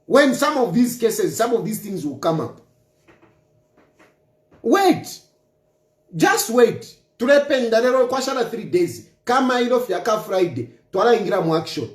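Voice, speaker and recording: Man, political rant, taunting and emphatic, repeats himself, high voice, echoey room. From Zambia. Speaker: political commentator. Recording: roomy echo.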